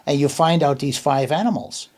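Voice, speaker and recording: Man, host, mellow tone, emphatic, repeats words, casual interview. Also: a little high, normal speed.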